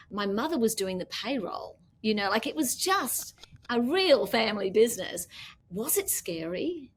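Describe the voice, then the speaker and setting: A middle-aged Australian woman, founder of a business, tells lively stories in a casual interview chat, acting out quoted dialogue as she goes. Her voice is medium-pitched, with slight background noise.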